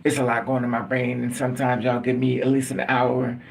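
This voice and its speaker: A man hosts a live stream, casually telling personal stories to his audience, rambling, chuckling and often restarting phrases. His medium-pitched voice is totally flat, brisk and creaky with vocal fry, picked up by a distant mic with slight background noise.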